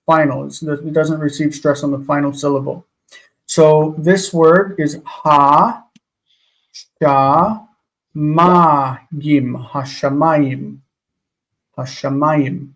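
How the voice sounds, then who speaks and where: Male teacher, patient, drawn-out delivery, slightly raised pitch. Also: rough recording. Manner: slow, patient, sounds words out syllable by syllable. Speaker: Hebrew teacher. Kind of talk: live online class teaching.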